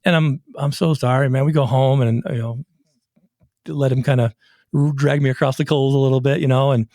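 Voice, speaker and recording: A middle-aged man hosting a casual podcast interview, an animated storyteller who acts out the voices in his anecdotes. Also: medium pitch, brisk, dry recording, clean studio sound. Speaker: podcast host and recovery coach.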